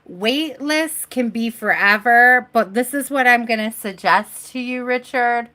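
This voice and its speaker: This clip features a tarot reader at home whose fairly high voice sounds pushed and bright, moving a little slowly. She's got the hiccups as she giggles and chats through a live-stream reading, speaking to her audience and to spirit.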